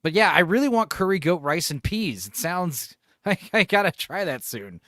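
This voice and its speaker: Lively, rambling male streamer. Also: high-pitched, moderate pace, no room sound, studio quality. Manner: rambling, chuckling, with lively intonation. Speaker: streamer host. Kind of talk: casual livestream chat.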